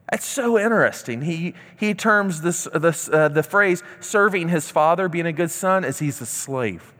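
Male preacher, high voice, conversational scripture teaching, long hall reverb. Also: expressive, normal speed, hardly any pauses, fairly bright tone. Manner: reads scripture aloud, then explains it conversationally. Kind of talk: sermon.

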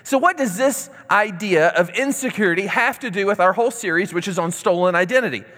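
A man preaching a sermon and telling a story, acting out quoted dialogue in lively voices. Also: sits high, a little fast. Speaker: pastor. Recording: long hall reverb.

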